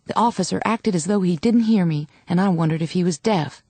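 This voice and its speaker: A woman reads an audiobook with a measured, dramatic first-person delivery. Her voice sits on the low side and the recording is close and dry, with no room sound. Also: darkish tone, slightly rough, no echo. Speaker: audiobook narrator. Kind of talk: scripted audiobook narration.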